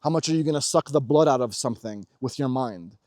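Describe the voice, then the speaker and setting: A man delivering a casual motivational monologue about spirituality, intense and full of swearing, swinging between loud urging and low murmurs. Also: quick pace, no echo, studio quality. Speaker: spiritual vlogger.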